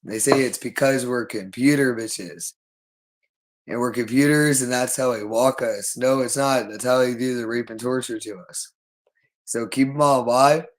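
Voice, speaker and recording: Male livestreamer, unscripted solo monologue, insistent and repetitive, middle pitch. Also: steady tone, moderate pace, rough recording.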